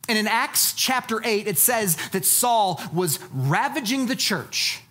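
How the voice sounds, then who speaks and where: A woman pastor delivering a sermon, lively and dynamic, dropping to low, soft tones for emphasis. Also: unhurried.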